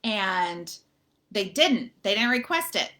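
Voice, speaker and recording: A woman's voice: mid-range voice, big pitch swings, slow pace, bright, forceful tone. A woman hosting a live video, talking casually and chattily to her viewers, rambling a little and calling them "you guys". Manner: rambling, full of fillers and restarts. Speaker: motivational author and group host.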